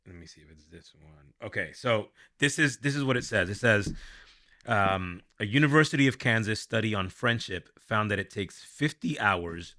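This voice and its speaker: A young adult man hosting a casual podcast as a worship leader, animated and laughing, thinking aloud with restarts. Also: fairly low pitch, moderate pace.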